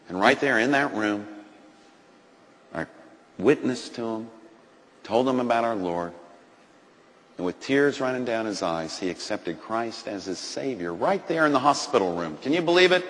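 A man, a doctor, telling a dramatic story on a Christian TV talk show, swinging from hushed lines to loud excited bursts. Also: medium pitch, moderate pace, pauses often, long reverb tail, poor audio. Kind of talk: animated storytelling.

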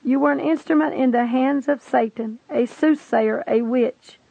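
Brief: a woman reading a solemn male Jesus, grave and measured, gravelly edge, tinny phone-like sound. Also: high voice, mellow, no room sound, full character voice. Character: solemn male Jesus, gentle but stern judge.

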